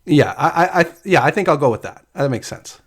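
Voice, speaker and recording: Casting note: male podcast co-host, halting casual banter, bouncy pitch, slightly high voice. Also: animated, breathy edge. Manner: hesitant, many ums and restarts. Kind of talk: casual chat.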